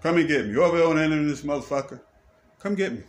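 Racing along at a fairly high pitch, a man unloads a profanity-filled rant into a camera. He repeats himself again and again and hurls accusing questions in a confrontational tone.

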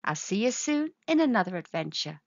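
A woman reading a children's storybook aloud in a slow, sing-song, expressive way. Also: medium pitch, gravelly, dry recording. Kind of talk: children's read-aloud narration. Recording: dull lo-fi sound.

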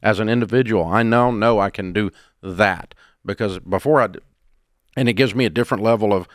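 Older man, radio host, low voice, folksy and blunt, dry studio sound. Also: brisk, dry recording. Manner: blunt, folksy, plain-spoken. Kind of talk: call-in advice talk.

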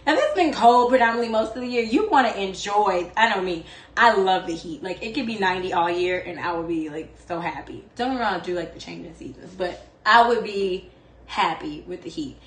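A woman's voice: medium pitch, echoey room. A woman hosting a home cooking show, chatting casually and expressively as she cooks. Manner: chatty and expressive, fond of the word "like". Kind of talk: casual chat while cooking. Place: home kitchen.

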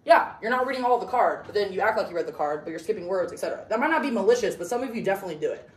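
A woman's voice: medium pitch, expressive, very fast. Young woman debate coach, blunt and chatty, far off in a roomy classroom. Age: young adult. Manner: blunt, chatty, full of "like" and "okay?". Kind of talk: casual classroom lecture. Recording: roomy classroom, voice from across the room.

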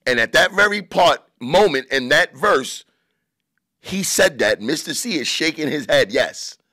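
Bright, joking podcast host. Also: male voice, a little high, a little slow, dry recording, clean studio sound. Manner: crude, joking, animated commentary. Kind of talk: casual podcast monologue. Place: his own podcast studio.

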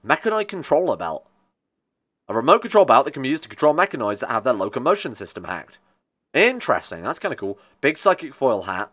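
A man's voice: medium pitch, sing-song, brisk, fairly bright tone. A man giving casual, joking commentary while he plays a video game, often annoyed and swearing. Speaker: gaming streamer.

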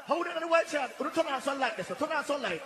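A man, hyping a live dancehall session as selector, shouting commands to the dancers and laughing between calls. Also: very high-pitched, lively intonation, quick pace, background noise. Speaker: sound system selector and MC. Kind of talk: live dancehall hype over music. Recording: echoey live sound over loud music.

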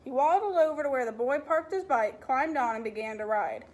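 A kindergarten teacher, a woman, reading a picture book aloud to young children, with expressive storytelling and animal sounds. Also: high voice, fairly quick.

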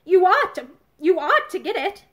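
A sensible teenage schoolgirl offers dry, affectionate remarks to her friends, as a woman reader voices her. The voice sits high and bright with a lively lilt. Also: moderate pace, heavily acted. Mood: wry. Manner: sage, affectionate.

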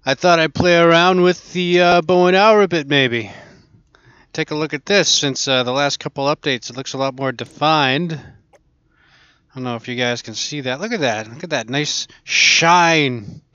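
A man's voice: on the high side, moderate pace, pushed and bright, smooth, dry recording, muffled recording. A man casually commenting while he plays a VR archery game, chatting and laughing to himself as he goes. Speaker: gaming channel host.

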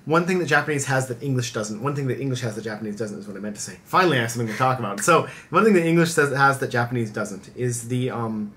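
A man's voice: medium pitch, fast, hardly any pauses, bright, forceful tone, soft background music. An American man chatting casually as a co-host, explaining things in an eager, rambling way with lots of filler words. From United States. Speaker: reaction channel co-host. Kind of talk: casual chat.

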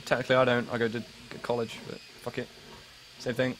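A young English man in his late teens, from England, hosts a live stream and chats casually with viewers, rambling and poking fun at himself with many restarts. His mid-range voice is monotone and fairly quick, with background noise behind it.

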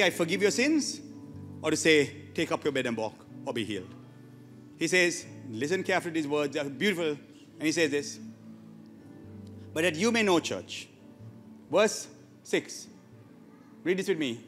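A man's voice: on the high side, a bit bright, big-room sound. A man preaching a sermon to his church, emphatic and often asking the congregation questions. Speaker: pastor. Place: church hall.

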